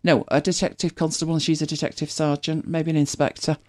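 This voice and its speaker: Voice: mid-range voice, level tone, fast, a little mellow. Chatty British host, rambling. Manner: chatty and rambling, with many restarts. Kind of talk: casual chat.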